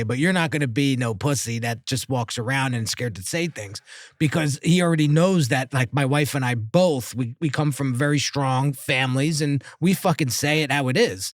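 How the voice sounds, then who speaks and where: A chatty man hosts a podcast and keeps backing up his guest. His voice sits at a middle pitch. The recording is dry and close. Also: no echo. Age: 40s. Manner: chatty, affirming, quick interjections. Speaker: podcast host. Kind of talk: casual podcast interview.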